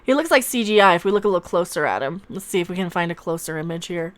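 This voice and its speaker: A woman hosting a casual YouTube livestream comments sarcastically and mockingly, laughing often. She has a lowish voice and a quick pace, lurching between loud outbursts and mutters.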